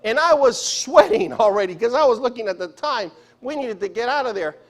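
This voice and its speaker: Male preacher, high voice, storytelling sermon that keeps checking in with the congregation. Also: animated, a little fast. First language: Spanish. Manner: storytelling, asks the congregation questions. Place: church sanctuary.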